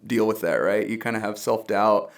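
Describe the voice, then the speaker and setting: A man's voice: on the low side, normal speed, vocal fry. A young man from the Dallas area, a guest musician in a casual podcast conversation, telling personal stories earnestly with quoted asides and laughs.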